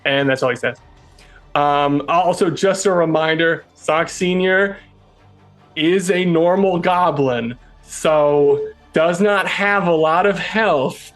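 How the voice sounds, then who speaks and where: A man narrating a tabletop game as game master, in a halting way with chuckles. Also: a little high, fairly bright tone, soft background music.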